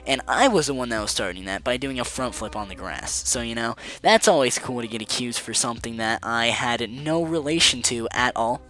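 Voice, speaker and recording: A man's voice: medium pitch, animated, brisk, hardly any pauses, bright, forceful tone. A young man rambling through a casual storytime in a sarcastic, joking tone. He curses freely and keeps things loose and chatty. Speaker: vlogger.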